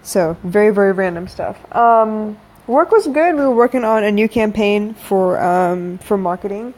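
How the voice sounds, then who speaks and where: A woman's voice: mid-range voice, expressive, normal speed, darkish tone. A woman in her thirties hosting a late-night podcast, chatting frankly with listeners and calling them y'all. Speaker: podcast host. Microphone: phone-recorded live audio.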